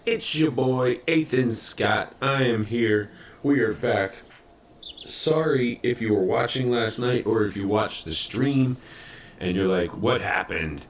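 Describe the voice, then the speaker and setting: A man's voice: mid-range voice, slow, slight background noise. A young man streaming a game live, chatting casually and interrupting himself while he fixes his audio.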